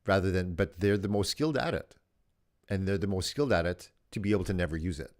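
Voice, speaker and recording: A man co-hosting a podcast, with a low voice. He speaks in a reflective, measured way and pauses often. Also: a little mellow. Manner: reflective, paraphrasing slowly with pauses. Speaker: podcast co-host. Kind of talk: casual podcast chat.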